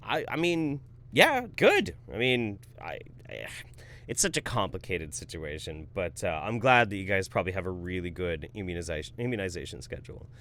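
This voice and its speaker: A man in his thirties hosting a live stream, reading viewer donations in a relaxed, profane, jokey way. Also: sits low, normal speed. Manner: laid-back, swears freely, laughs often. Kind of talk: casual live-stream commentary.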